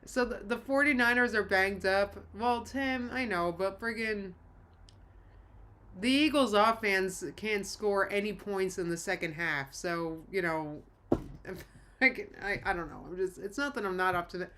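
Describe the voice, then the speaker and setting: A woman hosts a casual live stream with a bright, forceful voice. She talks in a rambling way, cuts herself off and restarts, and laughs often while reading chat comments aloud. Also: medium pitch, measured pace. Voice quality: rambling, self-interrupting. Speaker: livestream host.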